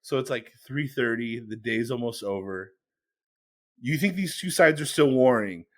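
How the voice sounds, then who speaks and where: A man co-hosting a podcast, telling a story in a casual, animated way and laughing along. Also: mid-range voice, normal speed. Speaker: podcast co-host.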